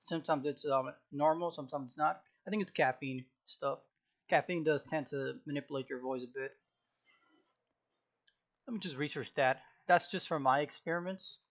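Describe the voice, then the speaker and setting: A slightly hoarse young man in a casual study vlog, reading from a textbook and repeating phrases aloud as he memorizes them and takes notes at home. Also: a little high, moderate pace. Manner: mutters and repeats phrases while taking notes. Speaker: student.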